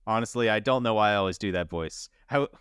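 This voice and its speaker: A man's voice: on the low side, fast talker, a bit bright, smooth, dry recording, clean studio sound. A man co-hosting a casual podcast, telling a crime story in a loose, laughing way and swearing now and then. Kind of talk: casual chat.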